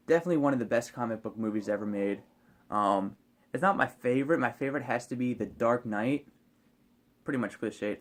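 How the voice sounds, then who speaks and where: A man casually reviewing a movie on his vlog, rambling and hesitant, with many fillers and restarts. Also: medium pitch.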